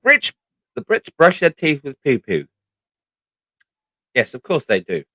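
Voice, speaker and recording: A man's voice: on the high side, wildly swooping pitch, a little slow, pushed and bright, no echo. A middle-aged man with a British accent, chatting casually on a livestream, rambling and swearing freely. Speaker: livestream host.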